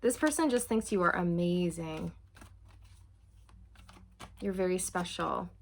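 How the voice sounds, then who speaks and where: A woman's voice: on the low side, expressive, slow. A woman giving a channeled tarot reading to her viewers, earnest and reassuring, often checking in with "okay" and "you guys". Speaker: tarot reader.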